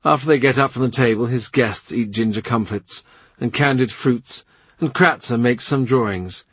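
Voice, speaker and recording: A man reads literary fiction aloud in an even, vivid storytelling manner. His voice is husky and sits at an ordinary pitch for a man, and the sound is dry and close. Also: moderate pace, dry recording. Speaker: audiobook narrator. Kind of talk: scripted literary narration.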